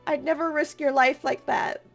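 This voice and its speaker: A woman reading out a video game's dialogue for a loyal, protective young man who was once a delinquent, in her own high voice. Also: steady tone, normal speed, vocal fry, faint music behind. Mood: firm. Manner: reading game dialogue aloud.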